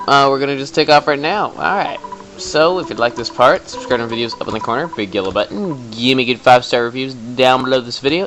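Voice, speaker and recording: Young male let's-player, casual and quick with jokes, faint music under him. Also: mid-range voice, low-quality recording. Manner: chatty, quick and jokey. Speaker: let's play commentator. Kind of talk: casual game commentary.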